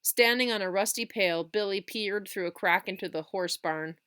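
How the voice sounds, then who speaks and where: A woman reading a children's chapter book aloud, with expressive storytelling. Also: medium pitch, normal speed, smooth.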